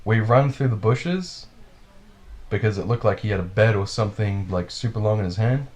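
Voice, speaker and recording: Lively, profane man telling a story. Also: lowish voice, moderate pace. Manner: animated, profane, laughs while telling. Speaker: podcast storyteller. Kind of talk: casual storytelling chat.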